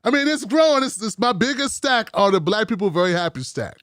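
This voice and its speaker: A man's voice: high-pitched, big pitch swings, a little fast, fairly bright tone, no echo, clean studio sound. A man hosting a political commentary livestream, talking in a rambling, profane, wry way.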